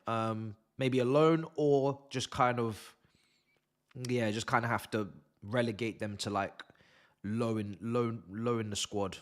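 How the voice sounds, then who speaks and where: A man hosting a live football watch-along, theatrical and exasperated, swearing freely and lurching from low muttering to shouted outbursts and laughter. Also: moderate pace. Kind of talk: live fan reaction stream.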